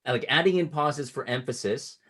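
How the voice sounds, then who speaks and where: A man coaching a client on closing sales, explaining patiently and acting out sample pitches at different speeds. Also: normal speed, fairly bright tone. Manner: instructive, shifts cadence to demonstrate pitches. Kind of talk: casual coaching call.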